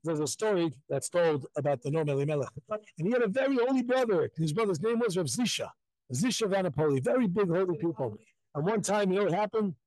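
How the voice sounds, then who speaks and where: A man's voice: sits high, quick pace, no echo, rough recording. A man from Jerusalem telling a story live as a rabbi, acting out the voices of the people in it. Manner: animated, acts out voices in stories.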